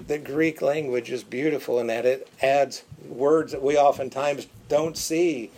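A man preaching a sermon, emphatic and repeating words for stress, dropping to quiet, drawn-out phrases. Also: mid-range voice, fairly even intonation.

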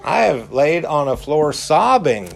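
A man preaching a sermon in a deliberate way, stressing his points by repeating key words. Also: fairly high pitch, big pitch swings, gravelly. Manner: slow, deliberate, emphatic repetition.

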